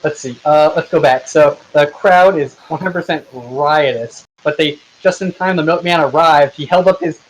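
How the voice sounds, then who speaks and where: A man running a tabletop game as game master, narrating casually with halting restarts over a voice call. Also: on the high side, low-quality recording. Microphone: headset or desk mic on a voice call.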